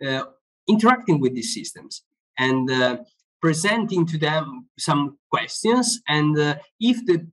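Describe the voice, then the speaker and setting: A man's voice: a little high, expressive, a little slow, a bit bright, poor audio. A man, an author explaining his ideas in a live online discussion, often repeating words as he searches for phrasing. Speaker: author being interviewed.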